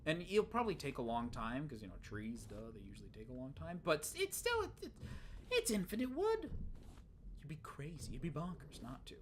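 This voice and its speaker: An excitable gaming streamer chatting through a let's play with a lively, bouncing voice that roams up and down. The talk rambles, dropping into muttered whispers and then jumping to loud outbursts. A faint hiss of noise sits underneath. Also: medium pitch, fairly quick. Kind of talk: casual let's play commentary.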